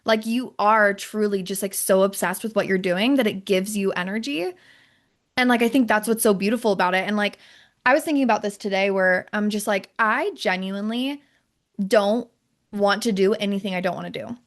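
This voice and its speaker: A young adult woman hosting a podcast, talking in an animated, casual way with lots of fillers. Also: medium pitch, brisk. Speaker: podcast host. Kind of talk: casual chat.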